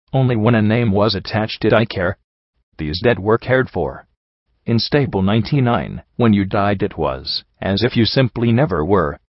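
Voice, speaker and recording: Low-voiced man narrating a story. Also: no room sound. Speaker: audiobook narrator. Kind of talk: first-person scripted narration. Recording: dry, slightly dull lo-fi recording.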